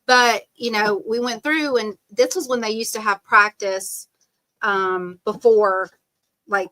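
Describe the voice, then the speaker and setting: A woman's voice: medium pitch, fairly even intonation, slow pace, sharp tone. A middle-aged woman telling her story as a podcast guest, chatty and rambling, with lots of "um" and "like" and frequent laughs. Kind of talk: casual storytelling interview.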